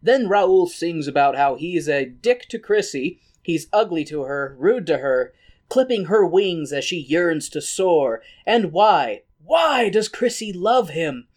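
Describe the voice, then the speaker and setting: Animated man with a slightly raspy throat. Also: a little high. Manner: animated, swears freely, breaks into quick put-on voices. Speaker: podcast co-host. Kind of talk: casual comedic recap.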